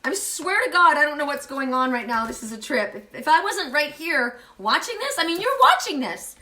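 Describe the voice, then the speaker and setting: A woman doing an oracle card reading on a livestream, talking excitedly, often exclaiming, swearing and laughing. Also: high voice, normal speed. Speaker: intuitive card reader.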